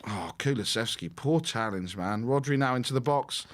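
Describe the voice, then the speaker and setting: A man hosting a live match watch-along, reacting with loud exclamations and reading out viewer messages. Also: medium pitch, expressive, moderate pace. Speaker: host of a fan watch-along stream.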